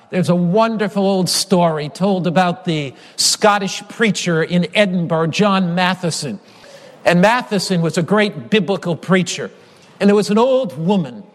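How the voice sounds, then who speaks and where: Male preacher, high voice, emphatic sermon delivery, long hall reverb. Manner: emphatic, repetitive phrasing, slows down on key lines.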